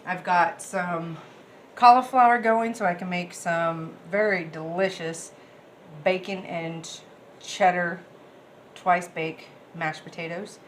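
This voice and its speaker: A woman's voice: on the low side, steady tone, takes it slowly, a little hiss or hum. A woman, chatting casually and rambling cheerfully to her viewers as she cooks in her home kitchen. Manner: bubbly, rambling, talks straight to viewers. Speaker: cooking vlogger. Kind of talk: casual chatty cooking vlog.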